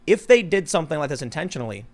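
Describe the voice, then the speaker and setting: Fast-talking man hosting a podcast. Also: on the high side. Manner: fast, animated, mimics voices for jokes. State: suffering from allergies. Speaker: podcast host. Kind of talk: casual political chat.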